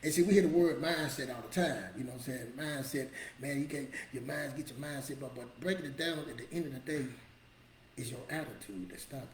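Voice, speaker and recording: A middle-aged man gives a casual motivational talk, driving his points home by repeating them in plain, colloquial speech. His voice sits at an ordinary male pitch. The sound is roomy and echoey, with a faint ambient hum behind him. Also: brisk. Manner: emphatic, repetitive, colloquial, preachy. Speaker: motivational show host.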